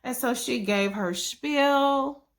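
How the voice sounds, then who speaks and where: A woman's voice: high voice, slow. A woman hosting a casual TV episode recap vlog, chatty and profane, who acts out characters' lines as she retells them.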